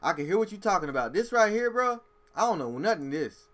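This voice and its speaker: A man's voice: sits high, quick pace, noisy background. A man hosting a music reaction video, giving blunt, emphatic opinions in casual street slang. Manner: animated, emphatic street slang, says "bro" often.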